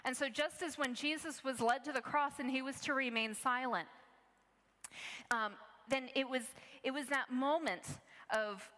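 A woman delivers a sermon in an earnest, conversational manner, often restarting her sentences as she tells a personal story. Her voice sits a little high and sounds bright and forceful. It echoes with the long reverb of a large church hall. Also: a little slow. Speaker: preacher.

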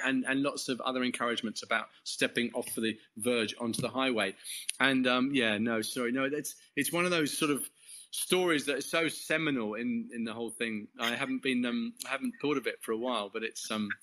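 A man's voice: medium pitch, brisk, bright, forceful tone. An English man talking as a guest, telling a faith story in a rambling, casual way, full of false starts and small laughs. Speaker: guest, Christian course leader. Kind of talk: casual testimony in conversation.

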